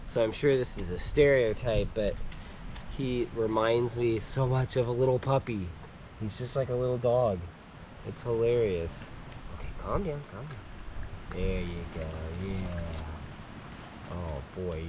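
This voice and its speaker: A man's voice: fairly low pitch, fairly even intonation, unhurried, noisy background. A man hosting a camping vlog, talking casually and playfully, cooing at a baby goat in a tent at an island campsite. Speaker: vlog host.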